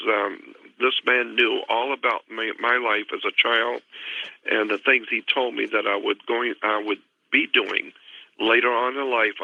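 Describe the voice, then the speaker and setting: A man with a gravelly, creaky voice calls in to a radio show, telling a long personal story in an earnest, meandering way. The phone line is tinny and dry. His pitch sits in an ordinary middle range. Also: dry recording. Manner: earnest, rambling retelling of a past encounter. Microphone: telephone.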